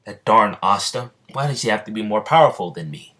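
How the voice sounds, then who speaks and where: A frustrated grown captain muttering complaints to himself, as a man voices him. It is a deep voice, close to the storyteller's own. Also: expressive, a little fast, sharp tone. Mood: grumbling. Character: grumbling adult male captain, frustrated.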